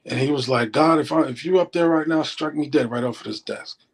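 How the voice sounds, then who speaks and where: A former stockbroker in middle age tells stories during an interview, animatedly voicing other people's words. His voice is a little high, gravelly and breathy-edged, and he speaks fairly quickly. The recording is of low quality.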